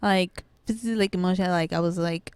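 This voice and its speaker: A young adult woman guest telling a painful personal story in casual conversation, halting and full of restarts. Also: lowish voice, steady tone, a little mellow, clean tone, no echo. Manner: halting, many restarts and "like"s, voices her child in quotes.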